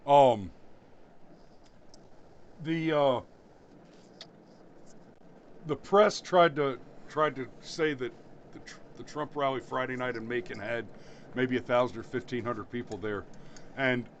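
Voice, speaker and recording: A man's voice: medium pitch, measured pace, pauses often, slight background noise. Rambling, joking male podcast host. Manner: rambling joking storyteller, laughs at his own jokes. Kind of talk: casual chat.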